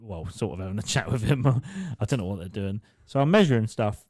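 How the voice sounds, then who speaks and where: Fairly low and husky with a darkish tone, this young podcast co-host's voice swings widely in pitch at a fairly quick pace, with no room sound. He tells stories in a loose, casual chat, cursing and laughing as he goes.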